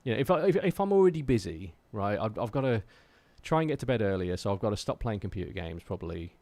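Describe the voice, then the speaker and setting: With big pitch swings and a quick pace, an English streamer talks to his chat in a slightly low, darkish voice with no echo. He rambles, restarting often and using plenty of fillers, but remains earnest and fired up while pushing listeners toward their creative aims.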